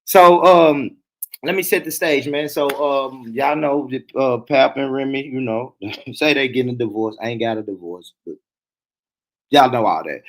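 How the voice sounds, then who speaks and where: Man, gravelly, loose profane stream talk, laughing often. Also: mid-range voice, moderate pace. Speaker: host. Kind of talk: casual commentary livestream.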